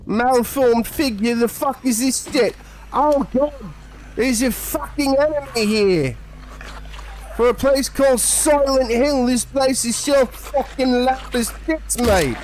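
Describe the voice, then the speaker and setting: A man putting on a brash, foul-mouthed Cockney bloke, a horror game hero who shouts and taunts everything in his way. The mock-Cockney accent is pitched high and pushed, loud and rowdy. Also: slow, a little hiss or hum. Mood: alarmed. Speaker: streamer.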